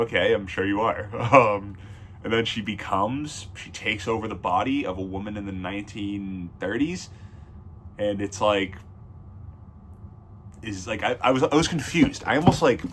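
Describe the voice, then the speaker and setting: A man's voice: on the low side, moderate pace, fairly bright tone, slight background noise. A man giving a casual, blunt film review, rambling and correcting himself mid-sentence. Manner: blunt and opinionated. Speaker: movie reviewer.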